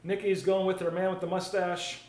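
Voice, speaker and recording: Card break host, male, casual patter while opening packs, slightly high voice, roomy sound. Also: level tone, moderate pace, a little mellow. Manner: chatty, reads viewer comments aloud while opening packs. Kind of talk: live card break commentary. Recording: roomy echo, faint ambient noise.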